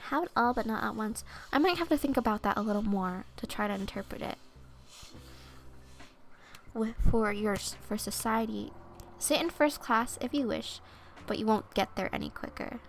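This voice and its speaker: A young woman talks softly through an oracle card reading, musing aloud and apologising for hiccups along the way. Her voice sits a little high, with a gravelly fry at the ends of her words. Faint hiss sits under the stream audio. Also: lively intonation, moderate pace. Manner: soft, chatty, apologetic, thinks aloud. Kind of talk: soft-spoken ASMR card reading.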